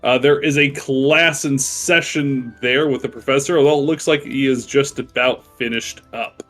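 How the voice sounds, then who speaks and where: A man's voice: mid-range voice, steady tone, moderate pace, a bit bright, faint music behind. A man narrating as game master of a tabletop game, chatty, with many fillers and frequent laughs.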